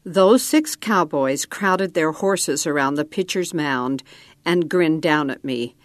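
A woman's voice: deep voice, animated, slow, no room sound. A woman reading a storybook aloud, lightly acting out the dialogue.

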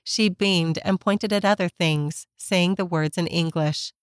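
A woman narrating a children's story in a gentle, measured scripted reading. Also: lowish voice, fairly even intonation, smooth, dry recording.

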